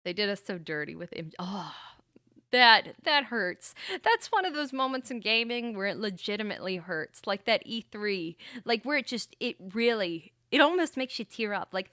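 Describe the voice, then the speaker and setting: A woman's voice: medium pitch, sharp tone, smooth, no echo. Chatty woman streamer, dry close mic. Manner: rambling, chatty, often laughing. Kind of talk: casual livestream chat.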